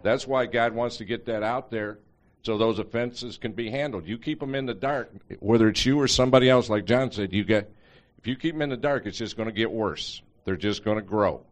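A man's voice: lowish voice, a little fast. Plain-spoken man in a church group. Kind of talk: casual storytelling.

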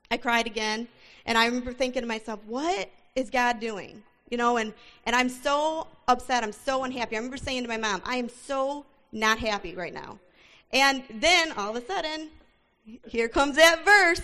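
Woman, middle-aged, church testimony, animated storyteller, bright tone. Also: high voice. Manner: animated storytelling, acting out dialogue. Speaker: church speaker giving testimony. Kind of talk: testimony sermon.

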